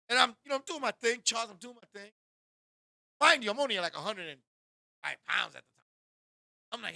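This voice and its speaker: High, sharp-voiced man telling raunchy stories. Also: fast talker, gravelly, no room sound, clean studio sound. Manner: animated, bursts into shouting, keeps addressing a co-host. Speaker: show host. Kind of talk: raunchy comedic storytelling.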